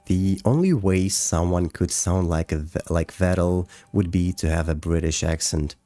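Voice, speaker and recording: A man with a Russian accent, a native Russian speaker, streaming casually as he reads chat and explains his animation work, halting with frequent fillers and restarts. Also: low-pitched, mellow, no room sound, soft background music.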